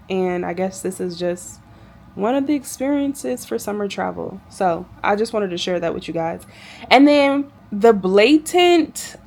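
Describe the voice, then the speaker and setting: Woman flight attendant vlogging, chatty and kinda exasperated, mid pitch voice. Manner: chatty, animated storytelling with exasperated asides. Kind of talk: casual storytelling vlog.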